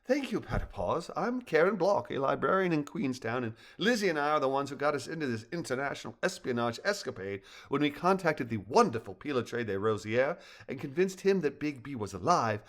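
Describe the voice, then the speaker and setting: A man's voice: medium pitch, fairly bright tone. A man voicing a chatty woman librarian in a storybook reading.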